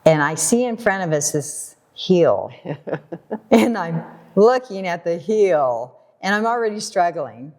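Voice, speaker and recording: An American woman telling a personal story in a casual talk, animated and laughing often while she acts out what people said. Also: fairly low pitch, slow. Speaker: guest storyteller.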